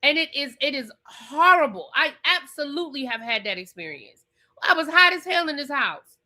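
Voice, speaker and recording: A woman's voice: high voice, lively intonation, normal speed, pushed and bright. A woman vlogger recapping a reality show in casual chat, emphatic and repetitive, swearing freely. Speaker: TV review vlogger.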